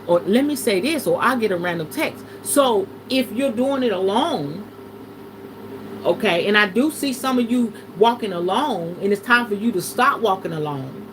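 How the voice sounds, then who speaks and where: An animated woman leads a live tarot reading like a casual sermon. Her pitch swings from low and hushed to high and loud, and she drops salty curse words. A light hiss sits under the recording. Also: normal speed. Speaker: tarot reader hosting a livestream.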